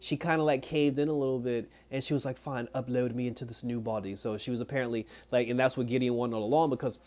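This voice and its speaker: A man's voice: medium pitch, steady tone, quick pace, darkish tone. A man reviewing a TV episode in a rambling, casual recap, acting out the characters' lines as he retells them. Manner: rambling retelling, acts out quoted dialogue. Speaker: TV show reviewer.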